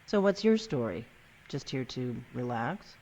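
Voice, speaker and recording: A woman's voice: extremely low pitch, sing-song, measured pace, warm tone, full character voice. A woman playing a guarded, secretive innkeeper in a video game, blunt and suspicious in her questions, on dull muffled game audio.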